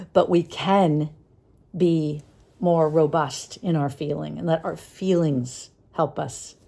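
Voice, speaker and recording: A woman musing aloud in a reflective vlog monologue, hesitant, with many pauses and fillers. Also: deep voice, steady tone, vocal fry, mellow. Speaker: vlogger.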